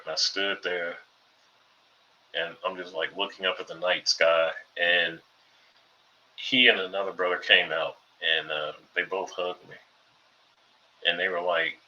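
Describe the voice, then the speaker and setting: A very deep-voiced man with a bright, forceful edge tells a story in a relaxed, chatty way, filling his sentences with "you know" and "like". The sound is a little dull and lo-fi, with a faint hiss of noise behind him. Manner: laid-back, conversational, many fillers. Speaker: ex-Jehovah's Witness commentator. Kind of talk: casual storytelling monologue.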